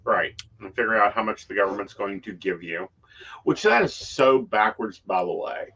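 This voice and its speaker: Blunt, bright-voiced man, casual chat. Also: lowish voice, animated, moderate pace, breathy edge, dull audio. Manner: blunt, swears freely. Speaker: psychic co-host.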